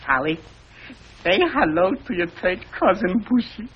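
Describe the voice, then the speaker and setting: An actor playing a kindly, excitable older family man with an animated, chuckling delivery. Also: high voice, unhurried. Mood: excited. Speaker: family father and uncle. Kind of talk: 1950s TV sitcom acting. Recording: dull lo-fi 1950s TV audio with faint hiss.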